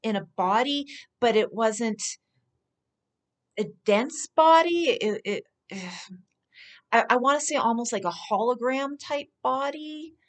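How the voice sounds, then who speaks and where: A woman speaking as a spiritual speaker, telling personal stories in an earnest, unhurried way with soft laughs. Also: on the high side. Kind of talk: personal storytelling monologue.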